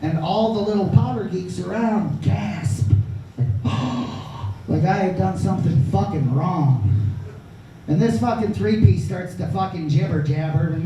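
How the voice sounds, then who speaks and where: A man's voice: high voice, moderate pace, creaky, warm tone. A man doing a crude, brash stand-up comedy set on a small club stage, with audience laughter behind him. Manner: crude, brash, profane storytelling. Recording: echoey club from far off, noisy.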